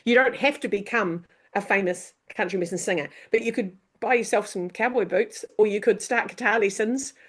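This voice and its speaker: A woman's voice: medium pitch, normal speed, hardly any pauses. A woman, an author and coach being interviewed, talking in an upbeat, emphatic way and acting out little back-and-forth dialogues. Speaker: author and leadership coach, guest. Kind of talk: motivational interview talk.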